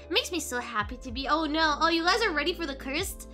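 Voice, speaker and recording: Young woman streamer, high lively bright voice, giggly and bubbly, soft music underneath. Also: fast talker. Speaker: VTuber streamer. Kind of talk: casual live-stream chat with viewers.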